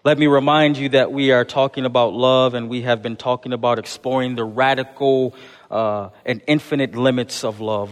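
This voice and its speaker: A man's voice: medium pitch, fairly even intonation, moderate pace. A man preaching an Easter sermon to his congregation in a church, calling them "church" and building rhythmic repeated refrains. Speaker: pastor. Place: church sanctuary. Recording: long hall reverb.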